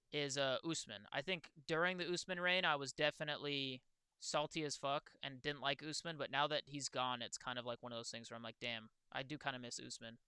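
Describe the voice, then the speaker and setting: A young man streaming, chatting casually and excitedly, swearing freely and talking to his viewers. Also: medium pitch, clean tone, dry recording. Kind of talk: casual livestream chat.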